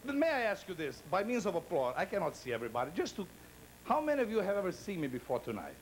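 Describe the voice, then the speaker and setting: A man's voice: high voice, huge pitch swings, quick pace, a little hiss or hum, poor audio. A man performing a stand-up comedy routine, talking in a theatrical, playful way and teasing the audience.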